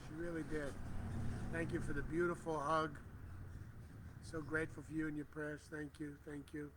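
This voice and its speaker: A middle-aged man hosting a prayer livestream outdoors, speaking gentle, reverent affirmations as he reads viewers' comments aloud over a phone. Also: a little high, flat delivery, moderate pace, noisy background. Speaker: spiritual livestream host.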